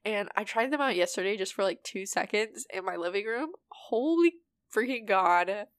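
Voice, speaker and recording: A woman's voice: mid-range voice, expressive, normal speed, smooth, no echo. A young woman co-hosting a podcast in casual chat, talking candidly with a stuffy nose and laughing often. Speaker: podcast co-host.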